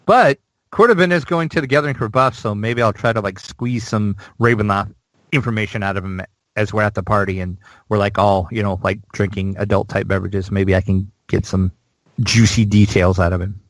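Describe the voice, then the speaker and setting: A man's voice: fairly low pitch, steady tone, brisk, no room sound, poor audio. A man co-hosting a gaming news podcast, chatting casually and rambling with plenty of fillers. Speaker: podcast co-host.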